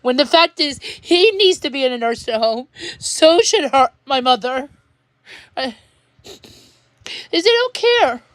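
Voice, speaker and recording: A woman talking to her viewers in an emotional rant, upset and close to tears, halting and restarting her sentences. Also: high-pitched, animated, a bit bright, no echo. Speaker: vlogger.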